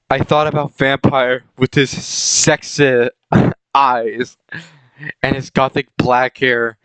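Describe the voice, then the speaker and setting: A man's voice: mid-range voice, fairly bright tone, smooth, dry recording, rough recording. A young man who reads a fan fiction aloud as a comedy bit. He keeps breaking into giggles, stumbles over words and corrects himself. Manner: stumbles and corrects his reading. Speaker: channel host reading fan fiction. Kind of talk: comedic reading aloud with commentary.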